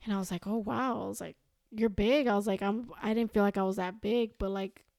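A woman's voice: mid-range voice, fairly even intonation, brisk, creaky, a little mellow, dry recording, studio quality. A young woman, a podcast guest, telling a long personal story in casual chat, quoting herself and others again and again. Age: young adult. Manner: rambling, quotes herself and others with "I was like".

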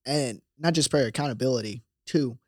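A man in his twenties, a college senior guesting on a podcast, chatting eagerly with frequent laughs and quick reactions. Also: mid-range voice, no echo, clean studio sound. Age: 20s. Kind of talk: casual chat.

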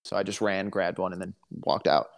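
A man's voice: low-pitched, steady tone, brisk, creaky. A man co-hosting a casual podcast, telling stories in a chatty, dry, joking way. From Alabama, US. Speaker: podcast co-host. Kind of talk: casual chat.

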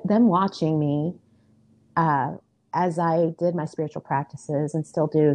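Low, mellow-voiced woman telling a story. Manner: warm, earnest storytelling with many fillers. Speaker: guest. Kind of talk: casual storytelling in an interview.

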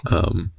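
A young man calmly tossing out ideas for a comic story in casual chat. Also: no room sound.

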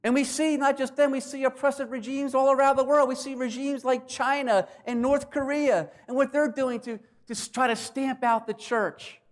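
A man's voice: very high-pitched, steady tone, moderate pace, few pauses. A man preaching a sermon, walking through scripture verse by verse and sometimes acting out voices for emphasis. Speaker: pastor.

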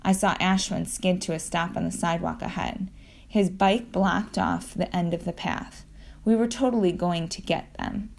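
A woman reading a children's adventure book aloud, telling it lively and acting out the sound effects. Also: lowish voice, normal speed, gravelly, slight background noise. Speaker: audiobook narrator.

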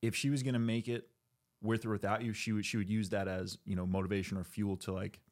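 Man, low pitch, podcast co-host, thoughtful, casual. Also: level tone, fast, darkish tone. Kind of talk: casual chat.

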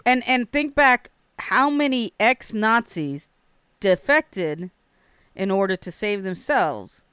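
Female panelist, blunt and profane, smooth resonant tone, dry recording. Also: medium pitch, lively intonation, slow pace, fairly bright tone, dry recording. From Portland, Oregon area. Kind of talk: casual panel discussion.

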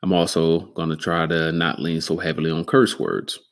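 A man hosting a solo podcast, rambling and cursing freely, sometimes getting excitable. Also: rumbling low, normal speed. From Denver, Colorado. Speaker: podcast host. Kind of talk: solo casual podcast monologue.

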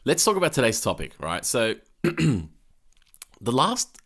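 A young man hosting a podcast in a relaxed, casual chat, swearing freely and laughing easily. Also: medium pitch, slow. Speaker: podcast host.

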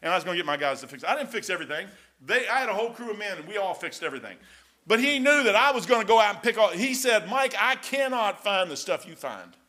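An older man preaching through loose, folksy stories, often tossing in "man" as he goes. His voice sits high for a man and has a bright, forceful edge. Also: sing-song, racing. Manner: rambling folksy anecdotes, says "man" often. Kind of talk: storytelling sermon.

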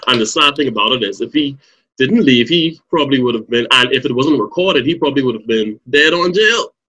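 A man's voice: mid-range voice, expressive, brisk, pushed and bright, rough recording. A man co-hosting a podcast who talks earnestly and sometimes searches for his words. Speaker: podcast co-host. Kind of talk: casual podcast discussion.

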